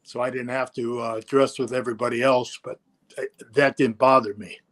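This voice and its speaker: An older man as an interview guest, telling a story in a relaxed, anecdotal way, acting out quotes and swearing now and then. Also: mid-range voice, normal speed.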